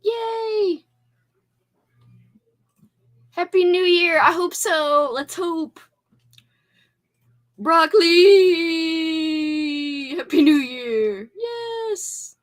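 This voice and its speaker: A woman's voice: very high voice, drawn-out words, pauses often. A woman hosting a casual livestream, chatting with viewers in a bubbly, effusive way. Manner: bubbly, effusive, squeals with excitement. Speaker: livestream host.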